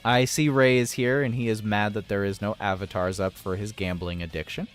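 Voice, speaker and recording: Chatting on his game live stream, this man speaks fairly quickly in a lowish, fairly even voice, addressing viewers and his pets and laughing a lot. Soft guitar music sits faintly in the background.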